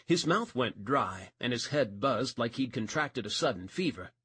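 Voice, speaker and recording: A man's voice: medium pitch, animated, normal speed, bright, forceful tone, slightly rough, no room sound. A man narrating a romance audiobook, reading expressively and changing voice for each character.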